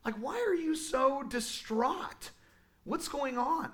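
A man's voice: extremely high pitch, lively intonation, takes it slowly, fairly bright tone, pitched above the performer's own voice, exaggerated voice. A man voicing a fretting family member. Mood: pleading. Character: worried family of a distraught man.

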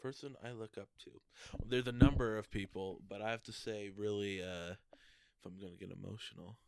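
A man co-hosting a podcast in casual chat, halting with many fillers and restarts. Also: fairly low pitch, fairly even intonation, gravelly, crowd noise. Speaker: podcast co-host.

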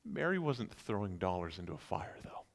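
Animated male preacher telling stories. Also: deep voice, moderate pace, gravelly. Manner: animated storytelling, acting out incredulous reactions. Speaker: pastor. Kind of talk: sermon.

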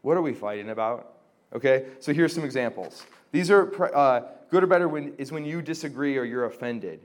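With a brisk, animated, mid-range voice, a young man teaches a group informally about mending relationships. He talks conversationally with many fillers and acts out the conversations he quotes, speaking as a Christian formation teacher.

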